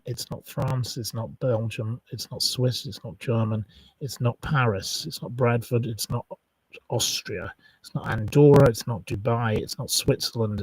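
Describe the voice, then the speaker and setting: A man's voice: medium pitch, slightly rough, far from the mic, rough recording. A man hosting a live quiz, chatting casually, rambling and reeling off long lists of wrong answers. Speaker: quiz host on a live stream.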